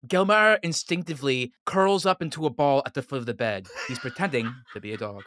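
A man's voice: medium pitch, brisk, a bit bright, a little hiss or hum. A man playing a comedy tabletop game, joking and laughing between moves. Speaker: player.

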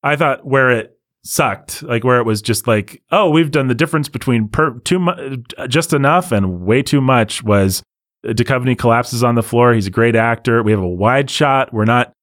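A man co-hosting a casual movie-review talk, rambling and animated, often laughing. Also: medium pitch, normal speed. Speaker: podcast co-host reviewing a movie. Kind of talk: casual chat.

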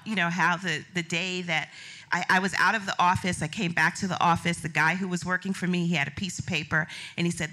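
A middle-aged woman telling a business story live on stage, animated, acting out quotes and laughing often. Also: on the low side, normal speed.

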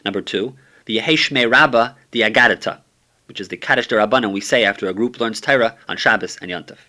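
A man's voice: on the low side, quick pace, pushed and bright. A man teaching a summary of a Talmud page, reading steadily and using many Hebrew and Aramaic terms.

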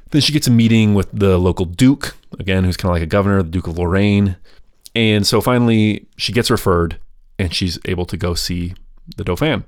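A podcast host telling a history story in a casual, chatty way, with wry grumbling asides. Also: male voice, on the low side, no echo, clean studio sound.

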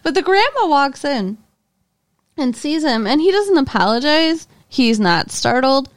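A woman's voice: sits high, sing-song, a little slow. A woman co-hosting a podcast, talking in a casual recap chat, agreeable and chatty, laughing often. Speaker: podcast co-host.

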